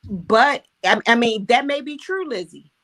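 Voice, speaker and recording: A woman's voice: fairly high pitch, animated, unhurried, a bit bright. Earnest woman guest in casual chat. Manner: earnest, speaking from experience.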